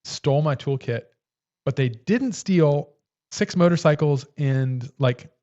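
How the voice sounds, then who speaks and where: A man's voice: on the high side, takes it slowly, mellow, lo-fi sound. A man co-hosting a casual livestream, rambling as he shows off a tool kit on camera. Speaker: livestream co-host.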